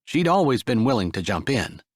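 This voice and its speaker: A man reading a sweet romance audiobook in a gentle, expressive storytelling manner. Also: medium pitch, moderate pace, dry recording, clean studio sound. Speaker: audiobook narrator. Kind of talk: scripted narration.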